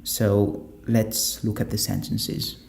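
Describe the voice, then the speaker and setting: A man's voice: lowish voice, level tone, slow, gravelly, a little mellow. A man teaching a pronunciation lesson, asking questions and answering them himself. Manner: asks the class rhetorical questions and answers them.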